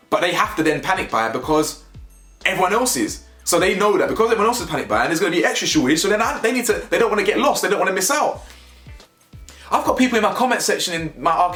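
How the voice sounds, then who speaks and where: A young male vlogger with a London accent rants to camera, rambling, slangy and emphatic, repeating his points as he shares his opinions. His voice is high-pitched with a fairly bright tone, and the room sounds echoey.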